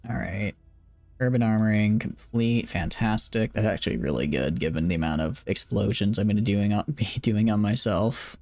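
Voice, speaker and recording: A young man with a low, gravelly voice talks through his game late at night on a live stream, plainly tired. His delivery rambles and jokes at his own expense, and his pitch swings around a lot. The sound is dry and close, with faint game music underneath. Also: expressive, moderate pace, a little mellow, dry recording. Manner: rambling, joking, self-deprecating. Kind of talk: casual live-stream commentary.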